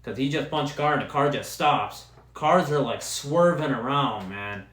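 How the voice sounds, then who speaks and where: Man, comedian podcast host, loose swear-filled storytelling, mid-pitched voice, roomy echo. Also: lively intonation, moderate pace, fairly bright tone. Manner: profane, loose and rambling, heavy on "dude" and "man". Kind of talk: casual rambling solo podcast storytelling. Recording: echoey room sound.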